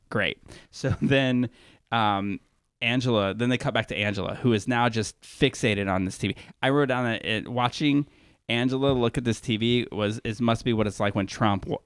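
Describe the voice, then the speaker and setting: A man's voice: mid-range voice, moderate pace, clean tone, no echo, clean studio sound. A man co-hosting a podcast, recapping a TV show in casual chat and acting out the people he quotes, laughing often. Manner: animated storyteller who acts out quotes, laughs often. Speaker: podcast co-host.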